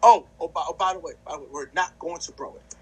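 A man co-hosting a casual sports podcast, trash-talking in an animated way and stammering over repeated words. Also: fairly high pitch, fast talker, husky, low-quality recording. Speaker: podcast co-host.

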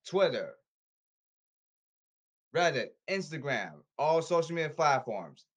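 A man ranting on his own podcast, repeating himself and calling people out, swinging from apologetic mutters to shouts. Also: mid-range voice, expressive, measured pace, long pauses. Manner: repetitive, emphatic, calling people out. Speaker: podcast host. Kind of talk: rambling solo podcast rant.

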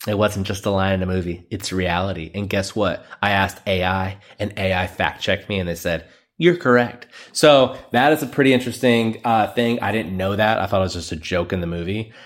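Rambling young podcast host, low. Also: male voice, brisk, no echo. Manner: rambling, self-mocking, says "dude" a lot. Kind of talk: solo podcast monologue.

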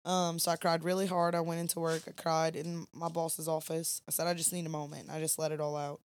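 This is a young woman with a drawl, co-hosting a casual podcast. Her voice sits fairly low, and the sound is close and dry. She rambles easily through a long personal story. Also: no room sound. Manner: chatty, rambling, Southern "y'all" phrasing. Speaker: podcast co-host. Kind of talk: late-night casual storytelling.

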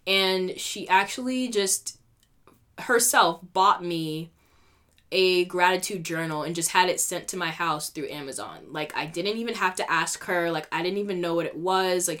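A young woman talks straight to her podcast listeners in a loose, candid rant, her voice sitting a little on the low side. She is openly emotional, scatters "like" through every sentence and swears without a second thought. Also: a bit bright. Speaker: podcast host. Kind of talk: casual solo podcast rant.

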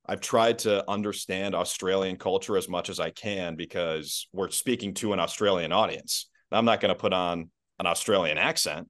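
A man's voice: low-pitched, fairly bright tone, dry recording, clean studio sound. A man talking casually as a guest on a sports podcast, easygoing and self-deprecating, laughing often. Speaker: podcast guest, basketball play-by-play announcer.

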